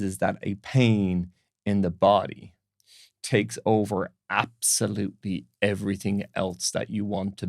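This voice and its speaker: A man's voice: fairly low pitch, gravelly, no echo, clean studio sound. A man, a breathing coach, telling stories animatedly as a podcast guest. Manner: animated, uses fillers and restarts. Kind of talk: casual interview storytelling.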